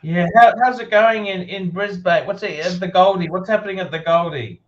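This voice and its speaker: A man's voice: sits high, a little fast. A man chatting on a livestream call with friends, reacting animatedly. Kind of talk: casual group chat. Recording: lo-fi call with faint noise.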